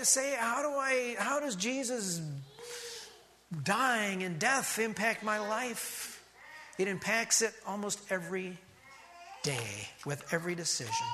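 A man preaching a sermon as pastor, emphatic and rhythmic, dropping to a hush on key words. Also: high voice, in a large hall, a little hiss or hum.

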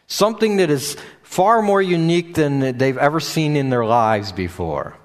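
A man's voice: a little high, animated, moderate pace. A man preaching a sermon in a loose, unscripted way, with frequent fillers and restarts. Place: church or meeting room with a screen behind him.

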